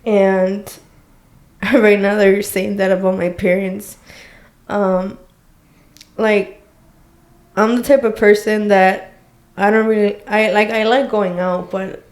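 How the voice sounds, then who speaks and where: A woman guest on a podcast talks softly and reflectively about what matters. Her tone is emotional and sincere. Her pitch sits in an ordinary middle range for a woman. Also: flat delivery, slow, pauses often. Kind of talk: heartfelt casual chat.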